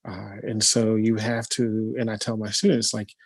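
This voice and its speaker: A man, a playwright and teacher, talking casually and thoughtfully, pausing often with ums and uhs. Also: lowish voice, flat delivery, no room sound. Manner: slow, thoughtful, with many hesitations. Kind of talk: casual conversation.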